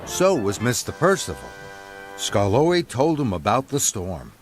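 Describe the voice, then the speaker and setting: A man narrating a children's storybook in an expressive read-aloud manner. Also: mid-range voice, a little slow, husky. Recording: narration over background music.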